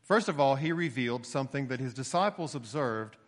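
A male preacher with a mid-range voice, speaking a little fast, delivers an expository sermon in long hall reverb. His teaching tone is steady and explanatory, rising for emphasis now and then.

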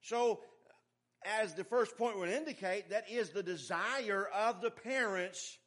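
Pastor, male, middle-aged; emphatic, folksy sermon delivery, slightly high-pitched. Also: a little slow, a bit bright. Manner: folksy, emphatic preaching with asides and humor.

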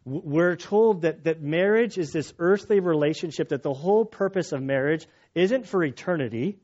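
A middle-aged man preaching a sermon as pastor, earnest and halting, often restarting his phrases. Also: fairly high pitch, darkish tone. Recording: dull lo-fi sound.

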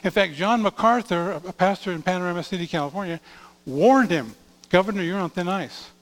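A man preaching a sermon as a pastor, reading scripture aloud and swinging between loud declarations and hushed asides. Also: sits high, a little fast. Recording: long hall reverb.

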